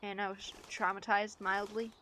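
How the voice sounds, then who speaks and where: A woman streaming a game, chatting casually and joking to herself, breaking into loud outbursts and laughs. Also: mid-range voice, level tone, normal speed, slight background noise. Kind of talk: casual gameplay commentary. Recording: clear game sounds of birds behind.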